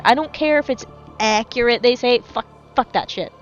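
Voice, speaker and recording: Woman streamer with a highish voice, loose, rambly chat full of swearing, faint music under her. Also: moderate pace, muffled recording. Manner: rambling, swears freely, self-correcting. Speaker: game streamer. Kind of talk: casual live-stream chat while gaming.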